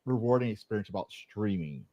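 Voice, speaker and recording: A man's voice: on the low side, animated, a little fast, dark tone, no room sound. A man with a faded Texas accent hosting a podcast, telling a profane, rambling story and laughing often. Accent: American, faded Texas. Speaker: podcast host. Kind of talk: casual chat.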